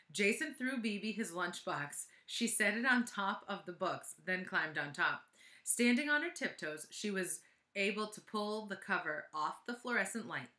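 A woman's voice: mid-range voice, lively intonation, normal speed, pushed and bright. A woman reading a children's chapter book aloud with chatty asides, in an echoey room. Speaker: reader.

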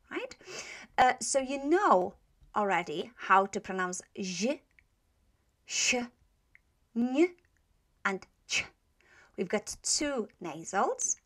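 A woman's voice: mid-range voice, a bit bright. A woman teaching pronunciation. She repeats each sound patiently, spells letters aloud and keeps checking in with "right?". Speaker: language teacher. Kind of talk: slow pronunciation lesson.

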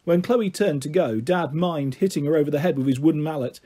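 A man narrating a children's book in a gentle, steady reading voice. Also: fairly high pitch, a little fast, husky. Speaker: storyteller.

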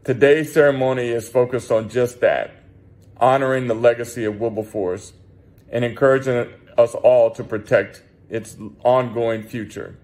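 A man, a board chair, giving a measured, formal welcome address at a ceremony. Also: mid-range voice, steady tone, a little mellow.

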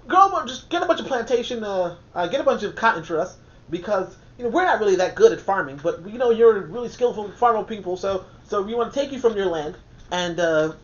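A man's voice: high-pitched, a bit bright. A man doing a stammering, overly polite colonizer. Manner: stammering, hesitant pleading. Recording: dull lo-fi recording.

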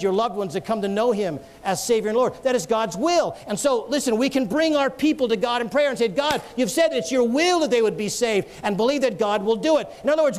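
A man preaching a sermon to a congregation, telling stories earnestly and joking with listeners now and then. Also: very high-pitched. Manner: earnest, storytelling with jokes to the congregation.

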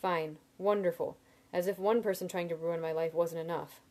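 A woman's voice: fairly low pitch, steady tone, moderate pace, a little mellow, natural voice. A woman reading an earnest young hero. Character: hot-headed young man, story's first-person hero.

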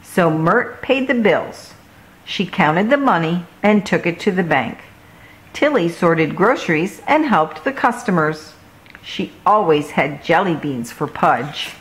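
A woman reading a children's picture book aloud, slow and expressive. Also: on the low side, low-quality recording. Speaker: children's story reader. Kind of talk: storybook read-aloud.

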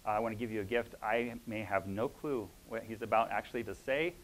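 A man sharing a spiritual reflection with a church congregation, talking in a reflective, halting way with many pauses and fillers. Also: fairly low pitch, a little hiss or hum, low-quality recording. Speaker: church member sharing a word. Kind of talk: informal sermon sharing.

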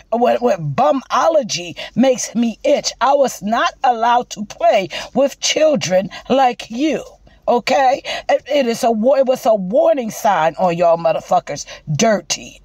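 A woman's voice: a little high, darkish tone, no echo. A woman giving profane, mocking comedic roast commentary. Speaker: commentary vlogger.

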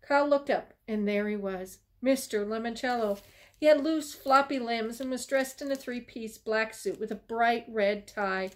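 A woman librarian reads a children's chapter book aloud, telling it with lively expression and occasional small stumbles she corrects. Her voice sits on the higher side, close to the microphone. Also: normal speed. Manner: lively storytelling with small slips and restarts.

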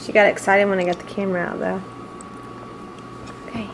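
A woman's voice: medium pitch, level tone, a little fast, background noise. A woman filming her babies at home on a handheld camcorder, playful and cooing, laughing often as she talks to them. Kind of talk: home video chat. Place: at home indoors.

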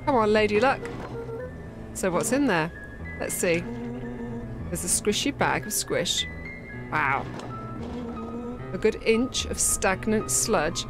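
A woman's voice: medium pitch, expressive, takes it slowly, pauses often. Woman, gameplay commentary, reads dialogue aloud playfully, game music under her voice. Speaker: gameplay streamer. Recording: game music playing behind.

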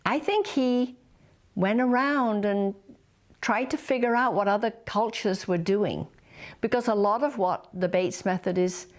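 Lady explaining stuff thoughtfully, normal pitch. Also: darkish tone. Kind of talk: interview explanation.

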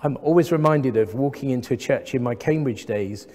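An English man in his thirties preaching a sermon as the new vicar, measured and gently humorous, with rhetorical questions to the congregation. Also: mid-range voice. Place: large church. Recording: long church reverb.

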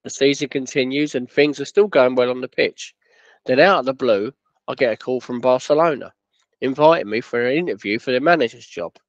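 A man's voice: medium pitch, fairly quick, dry recording, highs cut off. Man narrating a football club story. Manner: plain, steady storytelling with quoted dialogue.

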